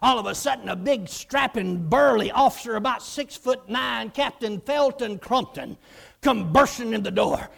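A preacher tells his story with great animation, his voice strikingly high and thick with gravel. It has a husky grain, and he breaks into shouts as he acts out each character. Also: expressive, a little slow. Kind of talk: storytelling sermon.

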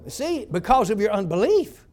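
A male pastor preaching a sermon, telling stories and building up to loud shouts. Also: high voice, very animated, a little slow.

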